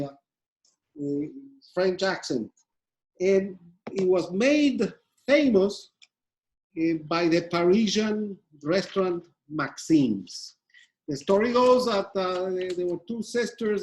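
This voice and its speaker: Slow, hesitant cooking demonstrator. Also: mid-range voice, poor audio. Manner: hesitant, many fillers and restarts; methodical, explains step by step. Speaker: pastry demonstrator.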